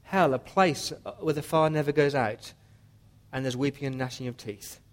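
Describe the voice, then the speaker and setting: A man's voice: mid-range voice, steady tone, normal speed. A man preaching a sermon as pastor, earnest and pleading with his listeners.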